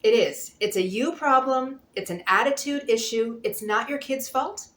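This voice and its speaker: Candid homeschool mom in an echoey room. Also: female voice, a little high, moderate pace, a bit bright. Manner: earnest, candid, laughs easily. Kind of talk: encouraging talk to camera.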